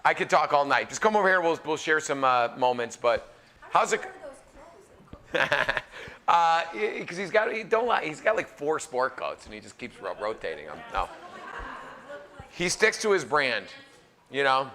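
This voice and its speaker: A man in his forties, a chef, telling funny stories live to a crowd in a casual, animated way. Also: fairly high pitch, moderate pace, long pauses. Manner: animated, joking, filler-heavy. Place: live event venue.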